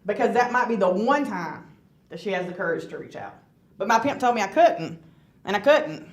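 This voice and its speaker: A woman's voice: mid-range voice, lively intonation, normal speed. Brief: woman, guest speaker, earnest and conversational testimony, roomy church hall sound. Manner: earnest, conversational, asks the audience questions. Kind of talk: personal testimony talk.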